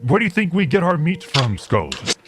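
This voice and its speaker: A man playing his character in a tabletop game, speaking in a measured, mock-dignified way. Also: on the high side, wildly swooping pitch, music in the background. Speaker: player voicing his character. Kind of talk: in-character tabletop role-play.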